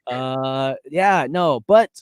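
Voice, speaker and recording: A man's voice: medium pitch, very slow, smooth, no echo, clean studio sound. A man co-hosting a podcast, chatting casually and animatedly about a TV episode with many fillers. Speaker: podcast co-host. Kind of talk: casual pop-culture chat.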